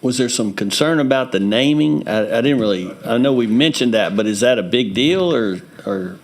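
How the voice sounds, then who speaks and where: A man committee member asking casual, halting questions during a legislative hearing. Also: medium pitch, animated.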